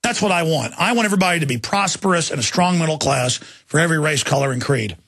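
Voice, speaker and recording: A man hosting a talk radio show, ranting fast and fervently about the news. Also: on the high side, expressive, a bit bright, breathy edge, no room sound, clean studio sound. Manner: fervent, mocks opponents in put-on voices.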